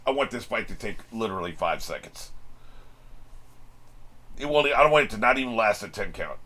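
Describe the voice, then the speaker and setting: A man's voice: lowish voice, sharp tone. A man hosting an anime reaction channel, giving casual, wisecracking commentary with plenty of swearing and frequent chuckles.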